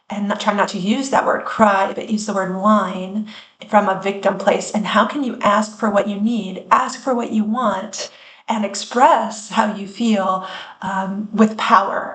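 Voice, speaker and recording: A woman's voice: medium pitch, a bit bright. Earnest woman hosting a wellness podcast. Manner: earnest and reflective, with measured pauses. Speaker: podcast host and founder. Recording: roomy echo.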